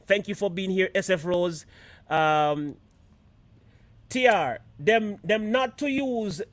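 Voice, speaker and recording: A man's voice: high-pitched, slow pace, a bit bright, no room sound. A Jamaican man hosting a live stream show, chatting casually and mixing patois with standard English.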